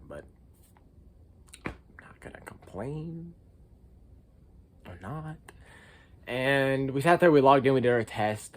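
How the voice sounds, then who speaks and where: In a husky voice, a young American man relates amusing college stories on a relaxed vlog, shifting between loud squeaky exclamations and mumbled side comments.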